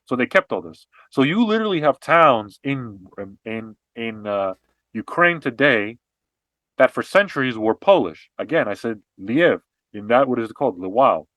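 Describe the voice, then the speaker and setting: A man co-hosting a podcast, explaining history and politics in an animated, casual way with frequent restarts and fillers. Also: medium pitch, moderate pace, no room sound. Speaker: podcast co-host.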